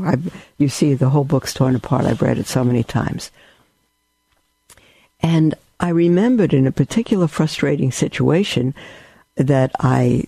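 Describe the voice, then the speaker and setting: A religious teacher gives a warm, rambling spiritual talk, telling stories with plenty of asides. His voice is a little high and creaky, recorded with no echo.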